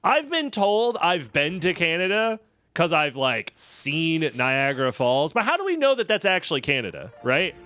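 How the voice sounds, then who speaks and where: A man's voice: fairly high pitch, very animated, moderate pace, pushed and bright, smooth. An American man commentating a live-stream game run, joking and sarcastic as he chats with viewers. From United States.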